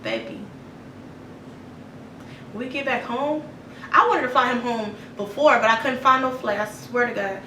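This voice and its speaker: A woman vlogger telling a storytime to her viewers, animated, blunt and profane, talking directly to them. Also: on the high side, moderate pace, pauses often, slight background noise. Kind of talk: storytime vlog. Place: apartment room. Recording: echoey room, a bit far from the mic.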